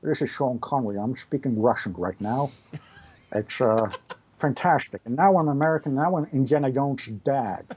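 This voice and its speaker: A man's voice: medium pitch, moderate pace, a little mellow, muffled recording, slight background noise, close to an everyday voice. A man doing a comic impression of a suave aging male movie star, smug and self-mocking.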